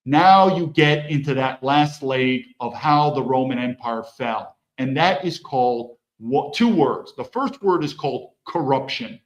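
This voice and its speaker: A man's voice: mid-range voice, unhurried, hardly any pauses, highs cut off. A middle-aged man and military veteran giving an opinionated political monologue, emphatic, with rhetorical questions and repeated words. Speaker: political commentator.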